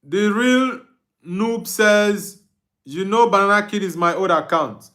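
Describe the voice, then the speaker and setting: This young Nigerian man, speaking Igbo-accented English in a high, fairly bright voice, talks slowly. He's running a live football watch-along, reading viewer comments from the chat and answering them with many laughs.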